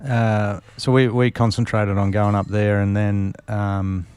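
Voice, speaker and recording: A man's voice: lowish voice, little pitch movement, a little slow, darkish tone, clear, resonant tone. A man, a former racing driver, telling long anecdotes as a podcast guest, with many fillers and restarts. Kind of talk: casual storytelling interview.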